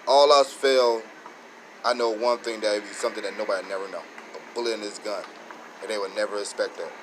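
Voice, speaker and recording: A man hosting his own channel, giving a rambling, excited casual review with many restarts and self-corrections. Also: on the low side, quick pace, background noise. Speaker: show host reviewing episodes.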